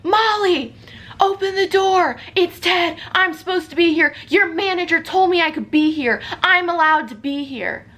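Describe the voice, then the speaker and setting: A woman's voice: sits high, animated, moderate pace, bright, forceful tone, voice pushed up. A young woman voicing an insistent young man who repeats himself and refuses to leave, in a storytime vlog. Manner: repetitive, stubborn.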